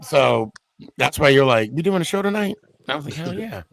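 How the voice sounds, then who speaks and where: A man's voice: fairly high pitch, lively intonation, a little fast, vocal fry. A man hosting a casual call-in sports podcast, talking loosely with slang and thanking his guests. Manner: laid-back, slangy, thanks guests warmly. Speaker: podcast host.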